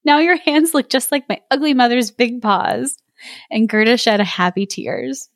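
A woman podcast host reading a fairy tale aloud, playful and animated with voices and laughs, breaking off to chat with her co-host. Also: fairly high pitch, normal speed, no room sound, studio quality. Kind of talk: storybook read-aloud with chat.

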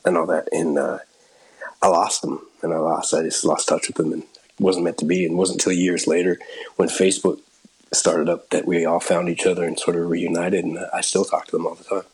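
A man's voice: deep voice, slightly rough, poor audio. A middle-aged actor telling a long anecdote in a casual interview, laughing and restarting as he goes. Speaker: actor and guest.

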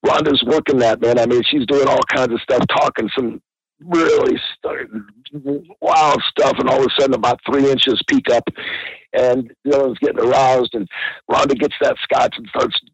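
Husky man telling a rambling story. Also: mid-range voice, steady tone, normal speed, dry recording, low-quality recording. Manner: rambling storyteller, laughing often. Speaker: guest. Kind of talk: casual anecdote telling.

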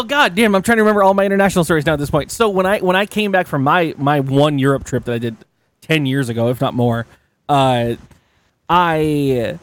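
A man in his thirties hosting a casual podcast, telling anecdotes with lots of swearing and acting out the voices of the people in them. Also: a little high. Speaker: podcast host. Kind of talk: casual chat, storytelling.

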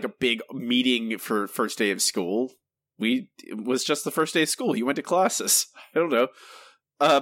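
A man's voice: on the high side, a bit bright, no room sound, studio quality. A man co-hosting a podcast in casual, chatty talk, often laughing. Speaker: podcast co-host. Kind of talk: casual chat.

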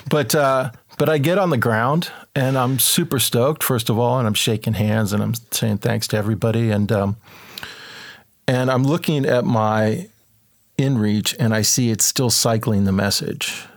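A man's voice: medium pitch, normal speed. A man telling an adventure story in a loose, chatty way, acting out what people said in a raised voice. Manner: animated, acts out quotes in a raised voice; loose and chatty, many fillers like "kind of" and "like". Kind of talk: casual spoken storytelling.

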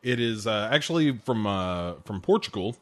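A man hosting a casual film review, talking in a rambling, relaxed way with lots of "uh" and "um". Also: fairly low pitch, normal speed. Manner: rambling, relaxed, many fillers. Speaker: podcast host reviewing films. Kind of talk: casual chat.

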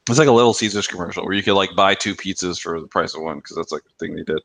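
A man's voice: low-pitched, racing, fairly bright tone, no room sound. A man co-hosting a casual podcast, telling stories and acting out quoted commercials in raised voices. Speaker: podcast co-host. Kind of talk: casual chat.

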